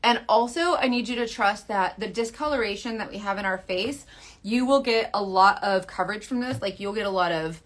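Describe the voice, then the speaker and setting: A woman in her thirties talks through a makeup tutorial in a slightly high voice. She is chatty, playful and coaxing, and she often drops to a soft near-whisper. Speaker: makeup seller.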